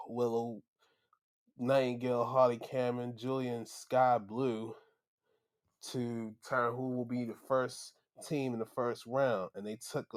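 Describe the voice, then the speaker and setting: A man hosting a podcast, giving a casual wrestling recap and acting out the wrestlers' lines in an animated way. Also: mid-range voice. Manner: animated, acts out wrestlers' lines, laughs and shouts when excited. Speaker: podcast host.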